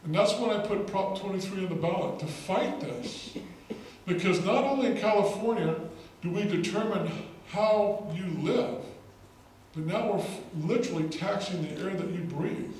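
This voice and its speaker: Guy giving a rally speech, high voice, tells stories w/ lots of repeats, far off in a big echoey hall. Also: normal speed, darkish tone. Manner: storytelling, emphatic, repeats words for effect. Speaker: state legislator giving a speech. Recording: echoey hall, distant mic, faint noise.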